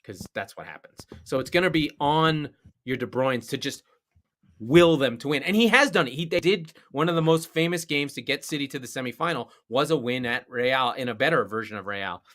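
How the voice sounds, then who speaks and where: A man co-hosting a podcast, chatting casually about soccer, getting excited and swearing when worked up. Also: mid-range voice, brisk. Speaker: podcast co-host. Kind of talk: casual sports chat.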